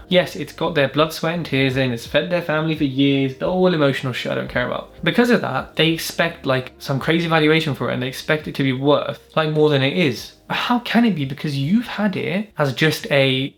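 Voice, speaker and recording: A man from the UK, a business mentor, telling a deal story to camera in a blunt, sweary, animated way. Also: fairly high pitch, brisk, gravelly. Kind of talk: casual monologue to camera.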